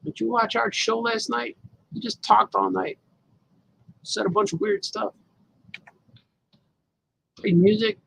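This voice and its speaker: Brief: a man with a gravelly voice chatting loosely with his audience while he draws, a faint hiss behind him. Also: sits high, takes it slowly, pauses often, fairly bright tone, low-quality recording. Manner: rambling, talks to the viewers as he works. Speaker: cartoonist livestreaming his drawing. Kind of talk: casual live commentary while drawing.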